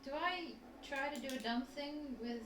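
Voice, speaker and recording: A woman's voice: sits high, normal speed, roomy sound, a crowd in the background. A woman playing in a live-streamed tabletop game, chatty and often giggling. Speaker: player. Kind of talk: casual tabletop game chat.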